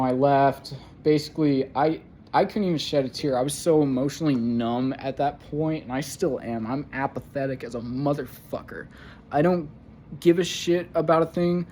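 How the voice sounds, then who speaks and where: A young man rambles through a personal vlog monologue in a mid-range voice, stumbling over fillers and swearing freely. His talk breaks now and then into strained, higher outbursts. A faint hiss of background noise sits under the recording. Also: a little mellow. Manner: halting, full of fillers and profanity, rising to pained outbursts. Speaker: vlogger.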